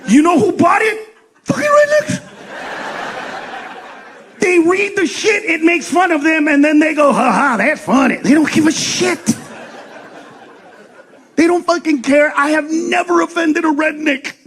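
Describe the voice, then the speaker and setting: Male stand-up comic, very high-pitched, brash profane delivery, faint hiss behind him. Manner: profane, rapid rants with shouted punchlines and acted-out voices. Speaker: stand-up comedian. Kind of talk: stand-up comedy set.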